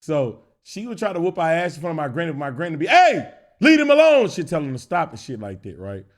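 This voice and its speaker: A young man telling an animated, profane story as a streamer, acting out characters and laughing often. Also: on the high side, quick pace.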